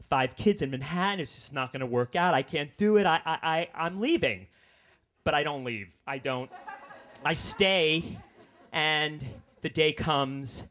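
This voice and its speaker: A man in his fifties doing stand-up storytelling, exasperated and self-mocking, with quick asides. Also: a little high, fairly bright tone. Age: 50s. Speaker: comedian telling a personal story.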